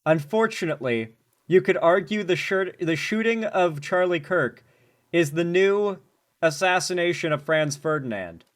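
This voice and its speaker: A man giving casual, animated commentary while reacting to news clips, urgent and joking by turns. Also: high voice, normal speed.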